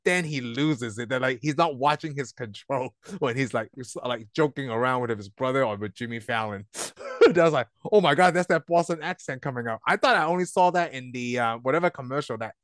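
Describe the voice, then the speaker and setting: On a casual movie-review podcast, a co-host with a mid-range, slightly bright voice talks briskly, rambling and laughing often as he trails off mid-sentence. He's on his own microphone over a remote call, with clean studio sound and no room sound.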